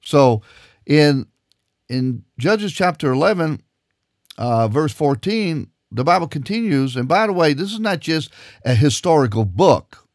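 A man preaching a radio sermon and reading scripture, emphatic, repeating words and climbing in pitch as he presses a point. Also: sing-song, measured pace, no room sound, studio quality. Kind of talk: old-time radio sermon with Bible reading.

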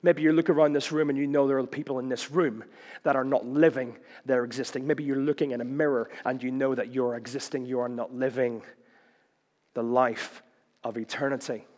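A man preaching a sermon, swinging between loud declarations and hushed lines, with playful rhymes and punchy questions. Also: medium pitch, fairly even intonation, fairly quick, long reverb tail.

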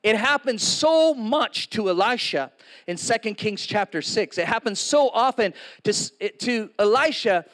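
Man in his 60s, high voice, sermon, chatty, joking asides, preaching live to a congregation. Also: lively intonation, measured pace, a bit bright. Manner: conversational, joking, with laughs and asides to the audience.

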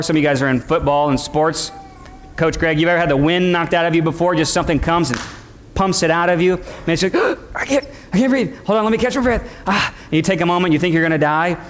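A man preaching a sermon as pastor, acting out the voices of the people he describes and calling for responses from the congregation. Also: fairly high pitch. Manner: preaching, acts out quoted voices, calls for audience response.

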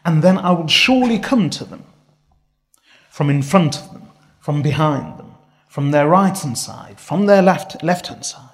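A man delivers a sermon in a somewhat high voice. He recites Arabic verses and translates them, pressing hard on each point. He builds his ideas into long repetitive lists. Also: expressive, unhurried, pauses often. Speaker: preacher.

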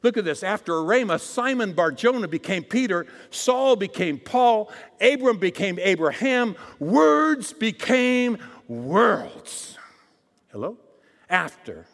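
A male preacher giving a dramatic sermon, swinging between loud proclamations and hushed asides and calling out for audience responses. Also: high-pitched, creaky. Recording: long hall reverb.

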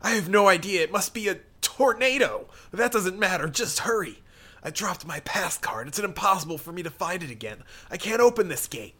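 A man's voice: high voice, lively intonation, normal speed, pushed and bright, breathy edge, voice pushed up, exaggerated voice. A man voicing a composed, scheming middle-aged priest, often muttering under his breath while reading comic dialogue aloud. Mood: urgent.

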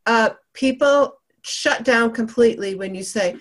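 A woman's voice: fairly high pitch, animated, unhurried, hardly any pauses, fairly bright tone. A woman hosting, recapping her guest's points with upbeat enthusiasm. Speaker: podcast host.

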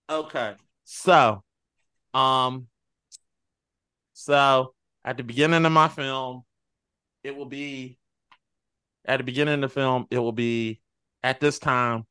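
A man in casual group chat, telling a story in an animated way and acting out loud, profane bits. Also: mid-range voice, smooth. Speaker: podcast panelist.

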